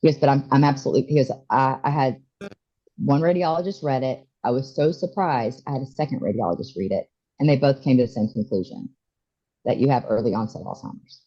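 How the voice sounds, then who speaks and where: A woman in her forties tells a hard personal story as a podcast guest, often halting and restarting. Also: extremely low pitch, dark tone, breathy edge, muffled recording. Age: 40s. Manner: emotional, halting, many restarts. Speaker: interview guest.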